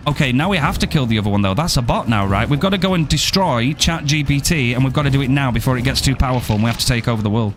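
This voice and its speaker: A man's voice: medium pitch, lively intonation, very fast, few pauses, noisy background. A young man streaming a game, joking around and swearing casually as he plays. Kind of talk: live gameplay commentary.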